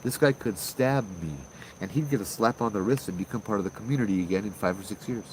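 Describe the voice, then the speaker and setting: A ghost story channel host with a lowish voice recounts his own encounter in a chatty, casual way, talking quickly and acting out the dialogue with fillers and restarts. The recording is rough, with slight background noise.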